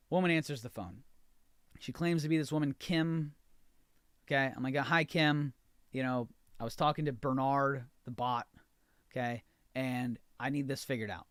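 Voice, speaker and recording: A man's voice: medium pitch, fairly quick, fairly bright tone, dry recording, clean studio sound. An American man hosting a podcast, telling a frustrated story in a ranting monologue and acting out both sides of the conversations. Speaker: podcast host.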